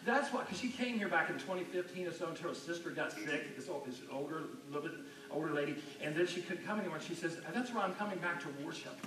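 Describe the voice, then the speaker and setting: A man preaching a sermon as a pastor, talking in a conversational way and dropping to a hushed voice when telling stories. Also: on the high side, animated, fast. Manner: conversational, drops to a hushed near-whisper in stories. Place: church sanctuary. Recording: echoey church hall, mic at a distance.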